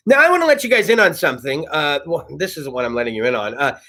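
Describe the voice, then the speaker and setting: A man's voice: on the high side, sing-song, fast talker, pushed and bright. A man in his thirties from California hosting a casual talk show, rambling and profane. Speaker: host. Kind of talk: casual monologue. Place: studio.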